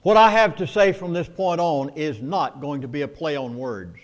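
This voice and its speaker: A man with a Southern US accent lecturing an audience, emphatic and storytelling, with dramatic pauses. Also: fairly high pitch. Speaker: speaker at a meeting. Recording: long hall reverb.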